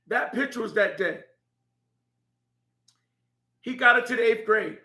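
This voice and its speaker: A man's voice: extremely high pitch, measured pace, pauses often, bright, forceful tone. A middle-aged man telling a heartfelt story about his son, laughing now and then as he speaks. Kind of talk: personal storytelling. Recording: echoey room.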